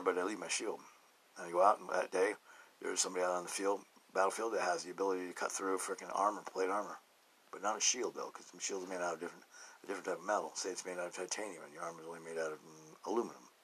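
A man hosting a casual spiritual podcast monologue, rambling and chuckling often, dropping to hushed murmurs and then jumping to loud bursts. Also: low voice, slightly rough, low-quality recording. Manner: chuckles often between thoughts. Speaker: podcast host.

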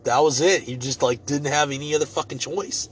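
A man's voice: on the high side, brisk, a little hiss or hum. A man telling a story in a casual, rambling way, swearing freely and joking as he goes. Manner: profane, rambling, loose and joking.

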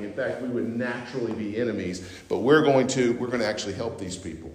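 A pastor preaching a sermon, moving from quiet reflection to loud, fervent emphasis with many repetitions. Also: male voice, mid-range voice, fast talker, hardly any pauses. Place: church sanctuary. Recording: roomy church hall reverb.

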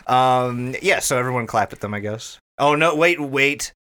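A man's voice: medium pitch, moderate pace, a bit bright. A young man hosting a tabletop game as game master, laughing often and swearing casually.

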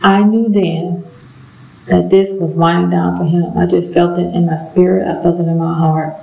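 A woman's voice: fairly low pitch, flat delivery, gravelly, narrow, tinny audio. Emotional middle-aged woman in an echoey room. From southern United States. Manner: emotional, earnest, halting with pauses. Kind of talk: personal testimony.

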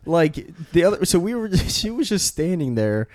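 A man's voice: a little high, sing-song, normal speed, no echo. A young man chatting casually, rambling through stories and filling his speech with likes. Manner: rambling storyteller, lots of "like". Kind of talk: casual chat.

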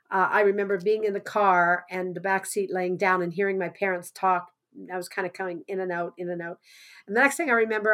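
Woman, mid-pitched, earnest conversational storyteller, softens at the hard parts. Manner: earnest, conversational, drops softer at grim moments. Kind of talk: personal anecdote monologue.

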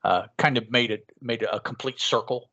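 A man co-hosting a casual podcast, talking in a measured, thoughtful way with halting restarts. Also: mid-range voice, fairly even intonation, bright, forceful tone, no echo. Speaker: podcast co-host. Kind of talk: casual chat.

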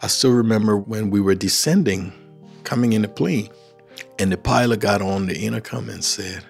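A man's voice: on the low side, normal speed, gravelly. A middle-aged man from Liberia with a Liberian accent, telling his life story and acting out the dialogue he quotes. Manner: animated storyteller who acts out quoted dialogue. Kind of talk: personal storytelling. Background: faint music.

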